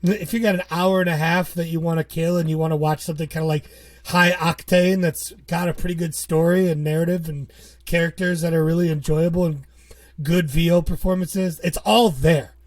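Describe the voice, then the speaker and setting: A man's voice: on the high side, steady tone, fairly quick. A man co-hosting a podcast, chatting casually, rambling and joking with frequent laughs. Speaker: podcast co-host. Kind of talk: casual chat.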